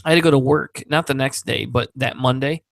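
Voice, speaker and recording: Male podcast co-host, casual storyteller, animated and profane, dry close mic. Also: mid-range voice, fairly quick, vocal fry, no room sound. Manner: animated storyteller, acts out quoted voices, swears freely.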